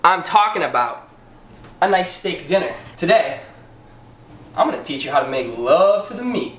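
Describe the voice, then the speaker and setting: Brief: profane comic cooking host, man, lively and loud, roomy noisy recording. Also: on the high side, normal speed. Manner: profane, joking, mock-instructional. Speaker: comedic cooking show host. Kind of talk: crude comedic cooking demo. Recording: echoey room, distant mic, noisy.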